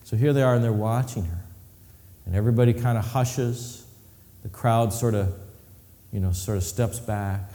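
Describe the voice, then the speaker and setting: A man preaching a sermon, telling a story that moves from hushed, low passages to rising, emphatic ones. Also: measured pace, long pauses. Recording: reverberant hall.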